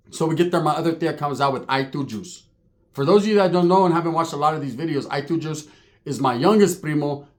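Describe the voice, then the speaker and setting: Animated, profane male comic storyteller. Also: on the high side. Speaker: comedian storyteller.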